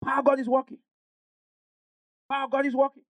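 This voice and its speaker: A man preaching a sermon as pastor, emphatic, rising into shouts and call-and-response with the congregation. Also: very high-pitched, monotone, fairly quick, no room sound.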